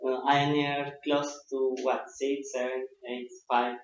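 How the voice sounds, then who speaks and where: Spanish-accented student, flat and hesitant. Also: male voice, medium pitch, a little slow. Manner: hesitant, short answers, non-native phrasing. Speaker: test candidate. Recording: roomy, distant, dull classroom audio.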